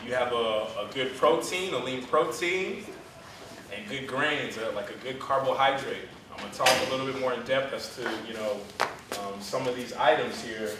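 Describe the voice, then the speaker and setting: Like a coach, a man talks nutrition with kids at a fitness camp, posing questions and answering them himself in an energetic talk at a community center event. His voice is mid-range at a moderate pace, heard from far away in a roomy space with background noise.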